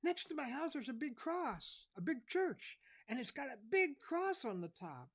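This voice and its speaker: A man voicing a lost, crying five-year-old boy who sniffles and speaks in small halting phrases. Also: very high-pitched, big pitch swings, gravelly, voice pushed up, exaggerated voice. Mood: hopeful.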